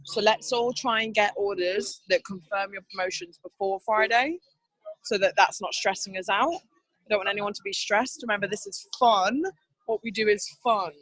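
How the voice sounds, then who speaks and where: A woman's voice: mid-range voice, normal speed, a bit bright, no room sound, rough recording. A woman leading a team training over a video call, upbeat and chatty, laughing often. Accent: not Canadian. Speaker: team leader.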